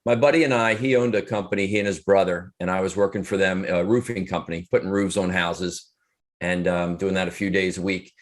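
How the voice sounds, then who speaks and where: Deep-voiced man telling his story. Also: steady tone. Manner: earnest, reflective, halting with restarts. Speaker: guest speaker and author. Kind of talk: interview storytelling.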